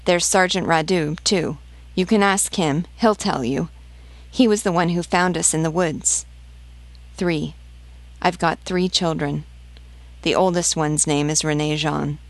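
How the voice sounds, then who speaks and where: Lady reading as a frantic peasant mom begging for help finding her kids, low gravelly voice, dry sound. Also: fairly even intonation, a little slow, no room sound. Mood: desperate. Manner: pleading, insistent. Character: desperate peasant mother searching for stolen children.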